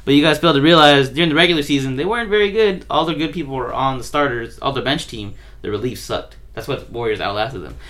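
A man's voice: medium pitch, fast talker, hardly any pauses, fairly bright tone. A young man hosting a casual podcast chat, joking and laughing easily. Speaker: podcast host.

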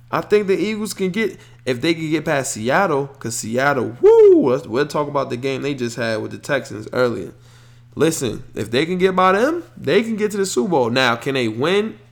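Animated man ranting about sports. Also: a little high, vocal fry. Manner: opinionated, animated rants with slang. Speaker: podcast host. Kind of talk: casual sports talk.

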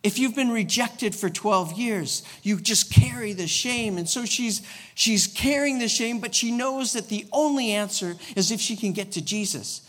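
High-voiced man preaching in a reverberant church. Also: moderate pace, a bit bright. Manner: casual storytelling preaching with repeated restarts. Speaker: guest pastor. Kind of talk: sermon. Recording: long reverb of a church hall.

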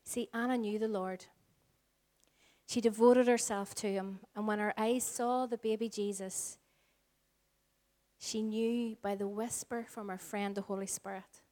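A woman in her forties with a Northern Irish accent, preaching a sermon as pastor, earnest and shifting between slow emphatic lines and soft, hushed phrases. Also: mid-range voice, steady tone. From Northern Ireland. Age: 40s. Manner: earnest, varies pace, drops to soft whispers for emphasis.

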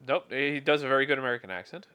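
Male co-host, mid-pitched, casual and chatty. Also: very fast, clean tone. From California. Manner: chatty, animated when quoting people. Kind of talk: casual chat.

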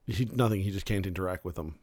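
A man's voice: low voice, fast talker, dry recording. A man in casual chat, a first-time game master who rambles, restarts his sentences and livens up when he tells a story. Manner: rambling, self-correcting, animated when telling stories.

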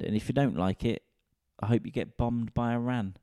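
A man's voice: medium pitch, moderate pace, few pauses, warm tone, clean tone, dry recording, studio quality. A man, a comedian and podcast host, rambling in a casual, sweary, self-mocking solo rant.

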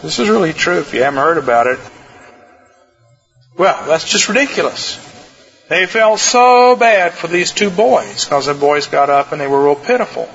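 A man preaching a sermon as pastor, earnest and emphatic, with slow stresses and quick asides. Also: a little high, sing-song, creaky, a bit bright, husky, lo-fi sound, faint music behind.

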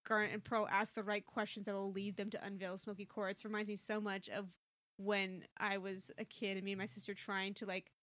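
A woman's voice: mid-range voice, flat delivery, brisk, a bit bright, no echo. A young woman co-hosting a podcast, chatting enthusiastically about a cartoon episode and laughing often. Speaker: podcast co-host.

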